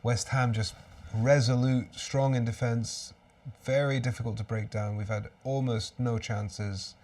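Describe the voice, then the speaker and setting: A man's voice: medium pitch, little pitch movement, measured pace, darkish tone, distant mic. A man hosting a live fan watchalong stream, commentating on the match with exasperated outbursts and resigned muttering.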